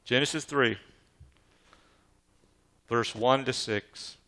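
A pastor preaches a sermon, reading scripture and calling questions out to the congregation in emphatic call-and-response style. His medium-pitched voice is steady, bright and forceful, and he takes it slowly.

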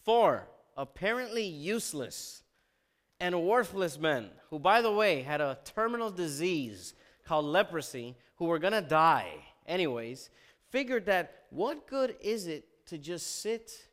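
A man preaching a sermon in a church sanctuary, reading scripture aloud and breaking off with loud emphasis, low asides and calls of "amen?". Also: sing-song, unhurried.

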